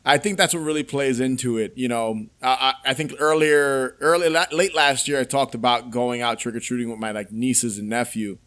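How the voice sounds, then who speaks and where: A man's voice: medium pitch, fairly even intonation, fairly quick, few pauses, fairly bright tone. A man hosting a podcast, chatting in an easygoing, reassuring way. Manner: easygoing, reassuring, chuckles along. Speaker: podcast host. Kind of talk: casual chat.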